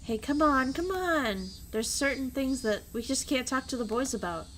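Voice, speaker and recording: A woman voicing a teasing, bossy teenage schoolgirl who leads her class, brisk and commanding. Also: high voice, expressive, fairly bright tone, a little hiss or hum, pitched above the performer's own voice.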